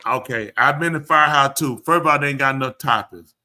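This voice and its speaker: A man hosting a live show, telling stories in an animated way and acting out the people he quotes. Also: medium pitch, quick pace. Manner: animated storyteller, acts out quotes. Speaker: host. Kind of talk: casual chat.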